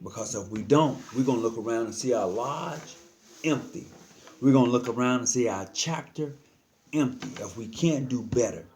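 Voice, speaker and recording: A man's voice: mid-range voice, normal speed, darkish tone, a little hiss or hum. Earnest man giving frank advice. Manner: earnest, repeats himself, drops into slang. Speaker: lodge member giving advice. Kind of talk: casual talk to camera.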